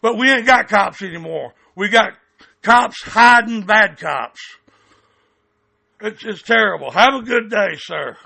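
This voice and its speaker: A man's voice: high voice, lively intonation, unhurried, gravelly, sharp tone. A man on a heated phone call, blunt and angry, stammering and cursing as he complains. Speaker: caller, activist recording his calls.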